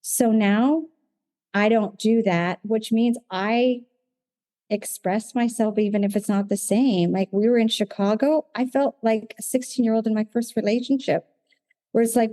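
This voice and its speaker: A middle-aged woman sharing her recovery story at a meeting, animated, acting out her own past conversations. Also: on the high side, moderate pace, no echo. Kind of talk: personal testimony in a recovery meeting.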